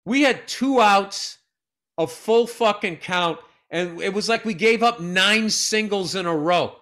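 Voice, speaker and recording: A middle-aged man tells loud, profane stories on a casual podcast. His voice sits high and bright, and he acts out the people he quotes. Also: a little slow. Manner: animated storyteller, swears freely, acts out quotes. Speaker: podcast co-host.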